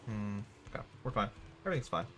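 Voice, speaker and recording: Joking young male game streamer, low voice. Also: sing-song, quick pace, background noise. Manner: joking, rambling, sarcastic. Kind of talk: gaming livestream chat.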